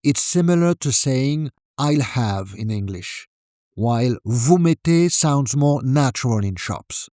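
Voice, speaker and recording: A man calmly narrating a scripted language lesson, demonstrating French phrases with deliberate delivery. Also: medium pitch, no room sound, studio quality.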